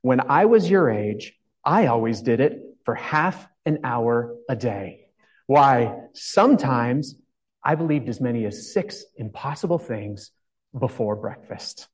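A man's voice: mid-range voice, expressive, takes it slowly. A man voicing a very old, imperious queen who speaks in a lofty, pitying way.

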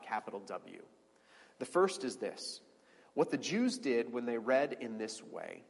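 A man giving an informal Bible teaching to a group, animated and repeating words as he restarts phrases. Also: long reverb tail. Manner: animated, restarts phrases, swoops high on emphasis.

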